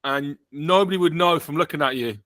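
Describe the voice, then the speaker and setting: British male podcast host, bright sound, dry close mic, jokey and rambling. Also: fairly high pitch, fairly quick, no echo. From Britain. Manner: joking, rambling with self-corrections. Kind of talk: casual chat.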